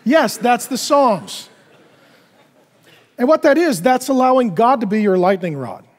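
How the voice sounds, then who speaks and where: A male pastor preaching a sermon in an animated way, acting out little dialogues in other voices. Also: very high voice, unhurried, long reverb tail.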